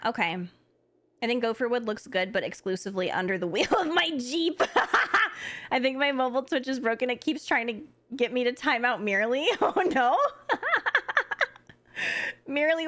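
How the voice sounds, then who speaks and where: A woman's voice: fairly high pitch, a bit bright. A woman streaming a game live, chatting casually and thinking aloud with lots of fillers.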